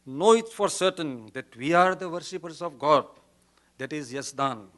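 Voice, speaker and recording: Priest-lecturer, Indian English accent, slightly higher male voice, emphatic and earnest, recites verse. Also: animated, normal speed, a bit bright. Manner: earnest, emphatic, quotes and recites Persian couplets. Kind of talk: conference lecture.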